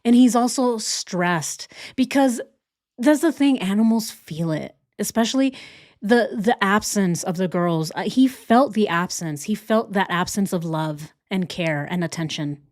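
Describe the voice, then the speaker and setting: A woman hosting a casual reaction commentary, indignant and full of rhetorical questions. She circles back and repeats her points. Her middle-pitched voice sounds dry and close. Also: lively intonation, measured pace, darkish tone, no room sound. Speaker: reaction channel host.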